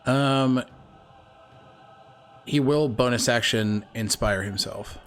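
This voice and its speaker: A man acting as game master on a video call, relaxed and affirming as he runs turns. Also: medium pitch, soft background music. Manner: relaxed, affirming, quick to say okay. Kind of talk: running a tabletop game.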